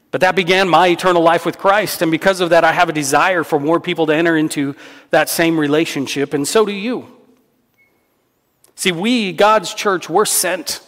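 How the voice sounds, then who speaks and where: A man preaching a sermon as pastor, earnest and emphatic, repeating key phrases for weight. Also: on the high side. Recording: long hall reverb.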